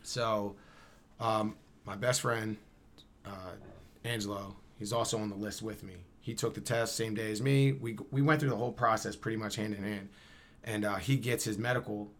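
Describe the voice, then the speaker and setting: A man, telling a story as a guest in a casual interview, slangy and animated, acting out the dialogue. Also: lowish voice, normal speed. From Camden, New Jersey.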